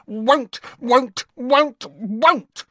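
A man voicing a stubborn, spiteful male house elf with a croaking, shrill voice, repeating one word over and over. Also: drawn-out words, bright, forceful tone, dry recording, full character voice. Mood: furious refusal. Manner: screams the same word over and over.

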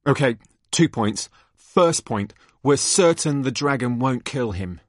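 A man's voice: medium pitch, animated, unhurried, dry recording, clean studio sound. A man reading an overeager teen wizard. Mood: fussy. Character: nervous overeager teenage boy wizard.

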